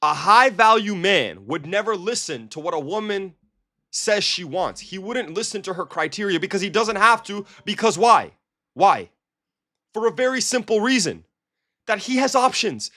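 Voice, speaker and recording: A man's voice: high voice, animated, moderate pace, sharp tone. A man coaching men on dating in a blunt, emphatic monologue, full of rhetorical questions. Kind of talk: direct-to-camera advice monologue.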